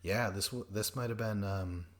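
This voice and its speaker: A man hosting a podcast, recapping a reality show in a rambling, profane way and acting out quoted people in quick voices. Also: fairly low pitch, fairly bright tone. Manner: rambling and profane, jumps between notes. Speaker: podcast host.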